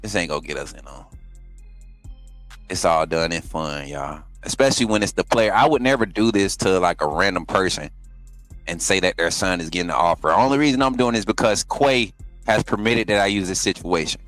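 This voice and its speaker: A man's voice: low-pitched, lively intonation, a little fast, fairly bright tone, soft background music. A man hosting a live stream who chats loosely with his viewers and then poses as a polite recruiting coach on a prank phone call. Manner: loose, chatty, talks to live chat.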